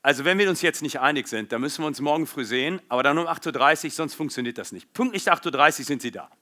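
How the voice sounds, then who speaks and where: A man plays a stiff businessman who wants everyone there on the dot. His clipped, orderly voice sounds bright and firm. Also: on the high side, animated, quick pace. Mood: strict. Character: stiff, rigid, punctual adult male businessman.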